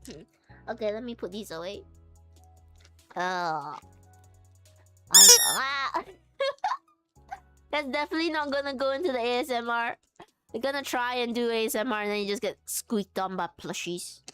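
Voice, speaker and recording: A woman's voice: a little high, moderate pace, long pauses, a bit bright, smooth, faint music behind. A young woman streaming live, chatting casually and thinking aloud with giggles as she works on a craft.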